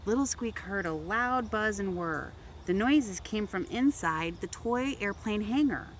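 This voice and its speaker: A woman reads a picture book aloud for children with a gentle storytelling manner. Her pitch swings widely as she narrates, and faint background hiss sits under her voice. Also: lively intonation, measured pace. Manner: gentle storytelling, raising voice for toy characters. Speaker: volunteer reader.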